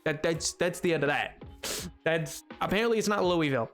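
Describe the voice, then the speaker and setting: High-voiced playful male streamer. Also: normal speed, fairly bright tone, soft background music. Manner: playful, jokey, answers chat while gaming. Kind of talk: casual live-stream chat reading.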